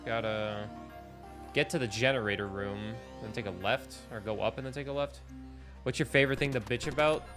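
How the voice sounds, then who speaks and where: A man streaming a video game live, talking in a loud, ranting manner that can sound angry, with bursts of near-shouting. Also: mid-range voice, brisk, over music. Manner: loud, animated, ranting and complaining. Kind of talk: casual live-stream commentary while playing.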